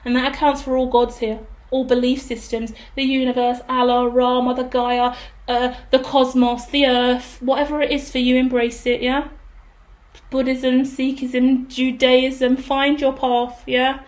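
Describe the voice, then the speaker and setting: A woman giving a casual tarot reading in a high voice. She talks bluntly and swears freely, with dramatic outbursts. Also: flat delivery, unhurried. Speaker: tarot reader.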